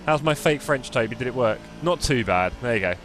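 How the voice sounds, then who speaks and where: A man's voice: mid-range voice, expressive, brisk, noisy background. An English man chatting and joking with his live-stream viewers while he drives a racing sim, on a desktop mic. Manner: chatty, joking, talks to chat while driving. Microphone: desktop USB mic.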